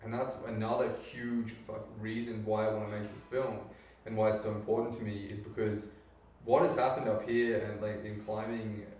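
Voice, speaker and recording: Brief: male filmmaker interviewer, lowish voice, very roomy and off-mic, light background hiss. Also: flat delivery, normal speed, darkish tone, distant mic. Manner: gushing, swears casually. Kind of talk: casual enthusiastic chat.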